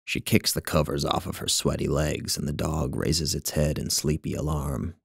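Very deep, gravelly male narrator. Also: little pitch movement, no room sound, clean studio sound. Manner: measured, wry storytelling. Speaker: author reading his own short story. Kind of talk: scripted literary narration.

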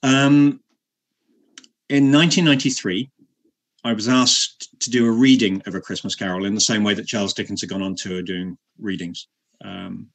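A man, an actor being interviewed, telling a self-mocking anecdote in halting speech with many repeated words and frequent laughter. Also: on the low side, fairly even intonation, a bit bright.

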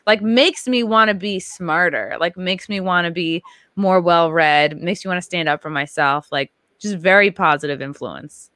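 A young woman hosting a podcast, chatting casually and with animated enthusiasm. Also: lowish voice, normal speed, no echo, clean studio sound. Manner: animated, enthusiastic, acts out quotes. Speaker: podcast host. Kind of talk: casual interview chat.

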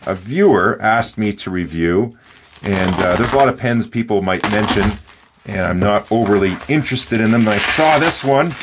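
A man's voice: fairly low pitch, noisy background. A man from British Columbia, hosting a casual, rambling unboxing vlog in a playful, jokey way. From British Columbia, Canada. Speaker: fountain pen channel host.

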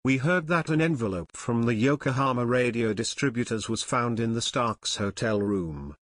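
A man's voice: medium pitch, normal speed, fairly bright tone, dry recording, clean studio sound, lightly acted. A man reading an audiobook, voicing a bold teenage boy detective who needles his captors. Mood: needling. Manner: needling and probing.

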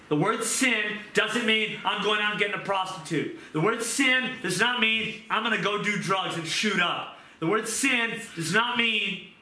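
Man, pastor, high voice, earnest conversational sermon, echoey room, noisy background. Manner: earnest, conversational preaching with quick asides.

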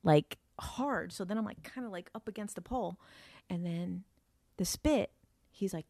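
Woman telling her story slow and low, lots of "like", swears, dry close sound. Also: warm tone, dry recording. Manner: filler-heavy, swears, vivid retelling. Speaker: storyteller recounting an encounter. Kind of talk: casual storytelling.

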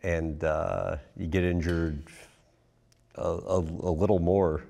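A man with a very deep, gravelly voice asks short prompting questions as an interviewer. His voice carries a long reverb from the room. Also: little pitch movement, takes it slowly, warm tone.

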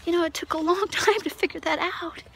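A woman giving an emotional personal testimony, often laughing softly and dropping into whispers. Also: very high-pitched, fairly even intonation, fast talker, creaky, a little hiss or hum. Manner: tearful, laughing, drops to whispers. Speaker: Christian testimony speaker.

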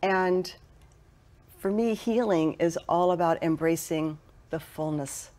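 A woman guest who plays the harp, talking in an interview in a calm, reflective, measured way. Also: lowish voice. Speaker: guest, harpist. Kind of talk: interview conversation.

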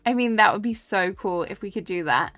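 A woman's voice: mid-range voice, lively intonation, a little slow, fairly bright tone, no echo, soft background music. A young woman live-streaming a cozy game, chatting casually and answering her chat as she builds.

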